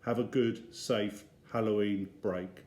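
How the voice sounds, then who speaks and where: A man, a teacher, reading a children's story aloud in an expressive storytelling manner. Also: lowish voice, slow pace. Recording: roomy echo.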